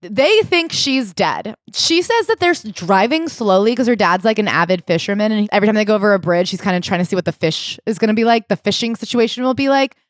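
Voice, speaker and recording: Woman podcast co-host, casual animated storyteller, mid-pitched voice, dry close sound. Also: fast talker, few pauses, dry recording. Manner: animated storytelling, retelling events with quoted voices. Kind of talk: casual book-club chat.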